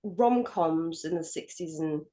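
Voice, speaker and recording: A woman's voice: deep voice, unhurried, warm tone. A woman from England co-hosting a film podcast in casual chat, emphatic and jokey, swearing freely. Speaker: podcast co-host.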